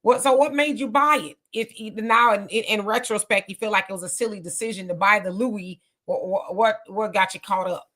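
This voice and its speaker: A woman's voice: medium pitch, brisk, hardly any pauses, fairly bright tone. A woman hosting a live-stream conversation, greeting viewers and asking questions with many fillers. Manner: friendly, filler-heavy questioning. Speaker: host.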